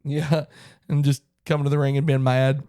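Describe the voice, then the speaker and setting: A man chatting casually as a podcast co-host. His voice sits at an ordinary middle pitch. It is recorded dry and close, and he rambles, breaking off and restarting his sentences. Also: flat delivery, moderate pace, warm tone, no echo. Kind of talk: casual chat.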